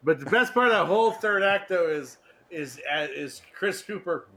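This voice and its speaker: High-voiced man in casual chat. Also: expressive, moderate pace, sharp tone. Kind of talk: casual movie discussion.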